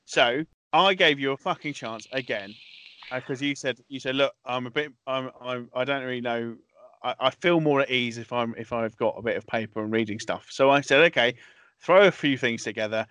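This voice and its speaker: A man's voice: medium pitch, steady tone, fairly quick, a bit bright, smooth, dry recording. A man co-hosting a comedy podcast, exasperated and swearing, often restarting his sentences. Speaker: podcast co-host. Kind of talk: bickering comedy podcast banter.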